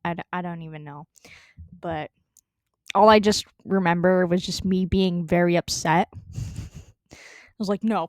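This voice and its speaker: A woman's voice: medium pitch, no echo, studio quality. A young woman telling a story in a casual, rambling way, full of fillers, restarts and swearing. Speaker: storytelling vlogger.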